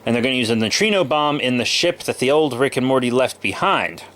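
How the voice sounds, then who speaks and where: Casual male vlogger in his twenties, bright and sharp-toned, under the weather, loose and rambling. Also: mid-range voice, animated, brisk. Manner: rambling, loose, with many fillers. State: a little sick with a cold. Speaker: comic book vlogger. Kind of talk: casual haul video chat.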